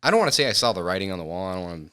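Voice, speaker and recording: A middle-aged man with a deep yet bright voice talks through his career as a podcast guest. His pitch moves animatedly while he pauses, hedges and restarts his thoughts. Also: sing-song. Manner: reflective, hesitant with many fillers and restarts. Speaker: filmmaker guest. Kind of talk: casual interview chat. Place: podcast studio.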